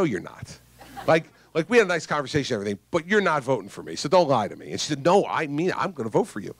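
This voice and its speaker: A man, a politician, giving a campaign stump speech to voters in a conversational, emphatic storytelling manner. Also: fairly high pitch.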